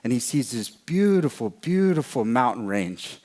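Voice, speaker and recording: A man's voice: medium pitch, big pitch swings, darkish tone. Man telling a traditional tale. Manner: slow, repetitive phrasing. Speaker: storyteller. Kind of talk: oral storytelling.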